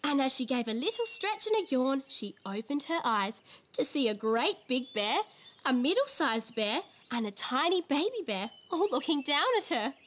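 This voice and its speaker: A woman's voice: sits high, sing-song, moderate pace, a bit bright, a little hiss or hum. Giggly, sing-song woman telling a tale. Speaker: storyteller host. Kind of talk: children's TV storytelling.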